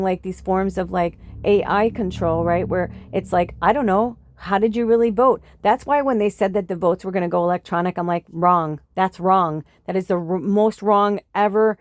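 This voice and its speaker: A woman's voice: mid-range voice, a little mellow, dry recording. Fired-up woman ranting on a podcast. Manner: impassioned, swearing, many fillers. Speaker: spiritual podcast host. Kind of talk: casual rambling monologue.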